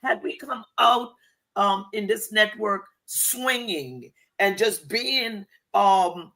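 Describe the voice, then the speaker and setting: A woman's voice: medium pitch, takes it slowly, pushed and bright. An older woman in church leadership, speaking earnestly in a preaching style about faith. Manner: earnest, exhorting.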